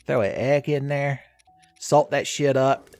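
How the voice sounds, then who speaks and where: A man's voice: medium pitch, steady tone, a little slow, darkish tone, faint music behind. A man hosting a let's play, rambling through casual game commentary with jokey, crude humor.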